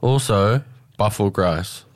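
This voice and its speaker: A man's voice: lowish voice, takes it slowly. A man hosting a radio show from a studio, talking in a playful, upbeat and jokey way. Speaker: radio host. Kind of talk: casual radio banter.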